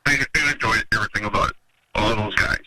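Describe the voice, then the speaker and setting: A man organizing a metal festival, telling long rambling stories in a casual interview and acting out what people said. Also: quick pace. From Minnesota, USA. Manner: rambling storyteller, acts out quotes in a higher voice. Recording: noisy radio interview audio.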